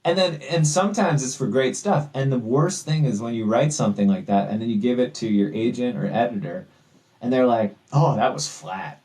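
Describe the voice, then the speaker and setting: A man talking as a guest on a podcast about his writing, thoughtful and animated, often poking fun at himself. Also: mid-range voice, brisk, rough recording. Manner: thoughtful, animated, self-deprecating. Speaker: guest author. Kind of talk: casual interview chat.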